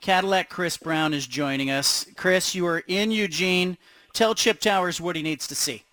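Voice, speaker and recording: Bright, slightly high male host, dry booth sound, brisk intros. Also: no room sound. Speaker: radio host.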